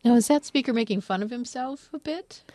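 A woman hosting a radio interview, asking curious, measured questions. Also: fairly high pitch, very noisy. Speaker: radio host.

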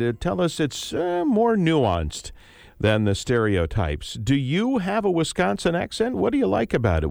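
A male radio show host interviewing a guest in a studio, relaxed and conversational. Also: mid-range voice, gravelly, no echo. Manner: relaxed, conversational, frequent uh fillers. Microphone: studio microphone, close and dry.

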